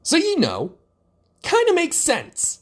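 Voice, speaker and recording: Sarcastic man with a lively voice. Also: very high voice, slow. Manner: sarcastic, profane asides. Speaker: podcast host. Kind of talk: political commentary podcast.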